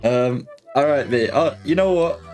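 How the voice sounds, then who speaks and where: A man's voice: medium pitch, expressive, measured pace, a little mellow. A young man chatting casually on a live football watch-along stream, full of slang and reading comments from his chat. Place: home. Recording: faint music behind.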